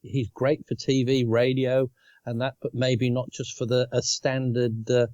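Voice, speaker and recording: Australian man in halting casual chat. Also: medium pitch, little pitch movement, darkish tone, no room sound, muffled recording. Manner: halting, restarts phrases, easy chuckles. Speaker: podcast co-host.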